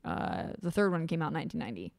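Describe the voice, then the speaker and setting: A woman's voice: sits low, sing-song, rapid-fire, vocal fry, a little mellow, dry recording, studio quality. A young woman hosting a casual chat, reading out trivia with lots of fillers. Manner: reads out trivia, chatty with many fillers. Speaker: podcast host.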